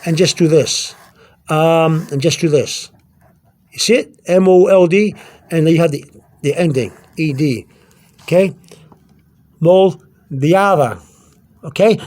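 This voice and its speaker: In an informal language lesson, a male teacher with a high voice and darkish tone points out details on a product label. He pauses frequently, repeats words, and keeps asking "okay?".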